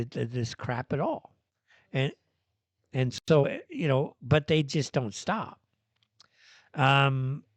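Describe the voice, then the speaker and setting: A man's voice: mid-range voice, a little mellow, dry recording. Ranting male host, dry sound. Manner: ranting, sarcastic, with many fillers and restarts. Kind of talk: solo live-stream commentary.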